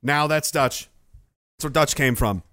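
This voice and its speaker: A man's voice: mid-range voice, measured pace, bright, forceful tone, dry recording, clean studio sound. A man from Nova Scotia hosting a casual livestream, rambling and swearing freely as he jokes and reads out viewer messages. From Nova Scotia, Canada. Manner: rambling, profane, joking. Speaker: livestream host.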